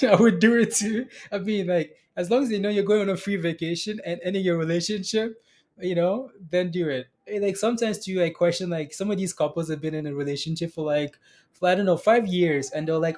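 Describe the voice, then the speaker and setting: A man's voice: a little high, moderate pace, long pauses, darkish tone, faint music behind. A young man hosting a stock trading livestream, rambling casually and laughing often as he reads viewer comments.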